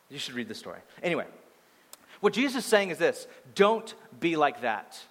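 Sex: man. Role: pastor. Style: sermon, animated storytelling. Pitch: a bit high. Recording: long hall reverb. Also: normal speed, breathy edge. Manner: animated storytelling, swinging from loud to hushed.

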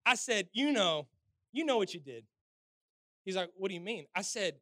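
A man in his forties, a pastor telling a personal story in a sermon, animated and swinging between loud and soft. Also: high voice, moderate pace, pauses often, no echo.

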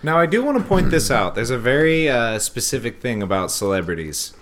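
A man's voice: mid-range voice, big pitch swings, fairly quick. A man co-hosting a podcast in casual chat, making emphatic, profane points. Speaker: podcast co-host.

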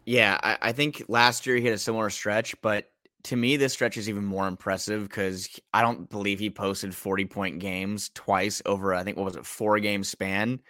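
A man's voice: fairly low pitch, little pitch movement, normal speed, bright, forceful tone, no echo, clean studio sound. A man hosting a casual sports podcast, reeling off statistics and making emphatic points. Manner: reels off stats, emphatic.

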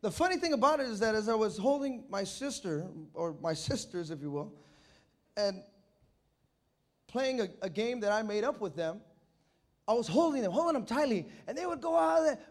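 A man preaching a sermon, telling childhood stories and acting out the voices with shouts. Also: sits high, sing-song, moderate pace. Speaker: pastor. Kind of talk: sermon with storytelling. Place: church.

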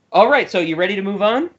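Podcast guy rambling and laughing a lot, kinda high voice, muffled audio. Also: lively intonation, normal speed, a bit bright, slightly rough. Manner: laughs often, rambling with restarts. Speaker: podcast co-host. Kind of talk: casual podcast chat.

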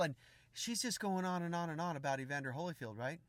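A middle-aged man preaching, telling a funny story in an animated, humorous way. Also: on the high side, fast, no echo, studio quality. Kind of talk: storytelling sermon.

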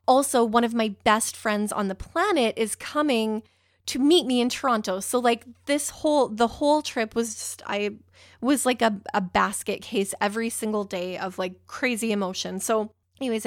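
A woman's voice: a little high, no echo, clean studio sound. A young woman telling a personal story in a rambling, emotional way, with a few swear words.

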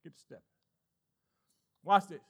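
A male pastor with a Southern US accent, preaching an animated sermon and acting out voices in call-and-response style. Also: slow pace. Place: church sanctuary with congregation.

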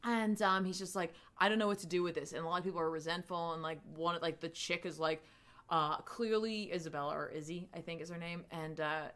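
A woman's voice: on the low side, a little fast, a bit bright. Rambling woman recapping a comic. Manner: rambling, full of "like" and "um". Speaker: podcast co-host reviewing comics. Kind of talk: casual chat.

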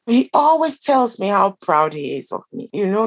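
A woman's voice: mid-range voice, big pitch swings, moderate pace, vocal fry, few pauses. A middle-aged woman, a guest on a podcast, speaking in an earnest, encouraging way. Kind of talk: casual conversation.

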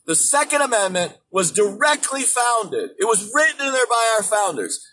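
Male host, high voice, profane political rant, distant mic. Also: big pitch swings, normal speed, hardly any pauses. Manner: angry, swearing constantly, emphatic, bursts into shouting. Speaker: show host. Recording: distant mic with faint background noise.

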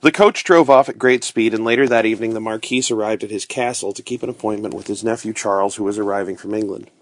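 Calm man reading a bedtime story. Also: lowish voice, fast.

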